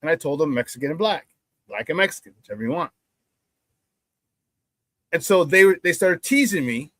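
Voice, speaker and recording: Animated high-voiced male sports talk host. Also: moderate pace, no echo. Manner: animated storyteller, acts out quoted banter loudly, laughs often.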